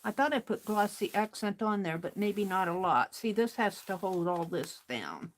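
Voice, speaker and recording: A woman's voice: medium pitch, expressive, slight background noise. A woman hosting a craft livestream, chatting casually and muttering to herself as she works. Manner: muttering to herself while working, slow and unhurried.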